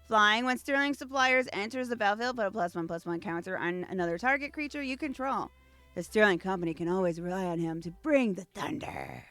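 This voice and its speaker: A woman's voice: mid-range voice, fairly quick, fairly bright tone, dry recording. A woman hosting a casual unboxing video, reading card text aloud between gushing asides. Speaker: VTuber host.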